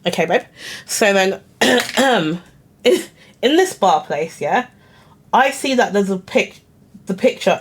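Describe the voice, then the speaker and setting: A young woman, telling a story casually to camera in a chatty, giggly, self-conscious way. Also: fairly low pitch. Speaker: vlogger.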